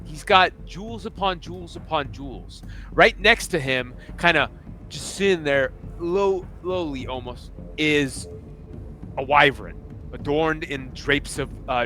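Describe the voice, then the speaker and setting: A man's voice: a little high, bright, forceful tone. A man narrating as game master in a tabletop fantasy game, speaking casually and loosely with fillers like "kinda" and "like.".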